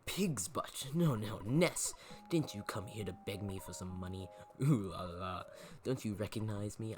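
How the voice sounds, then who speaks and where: A man's voice: lowish voice, background noise, lightly acted. A man voicing a bratty, sneering rich boy villain in a British accent for a game playthrough. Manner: snide, taunting.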